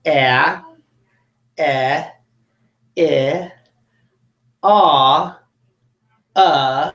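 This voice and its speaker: Woman, phonics teacher for kids; low, patient, deliberate delivery; roomy echo. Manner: slow, patient, models sounds clearly. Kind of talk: video lesson for children.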